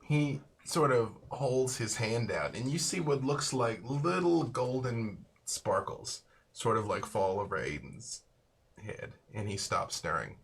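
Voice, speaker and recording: A man narrating a tabletop role-playing game as its dungeon master, loose and unhurried, often saying "sort of" and "like". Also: medium pitch, animated, gravelly.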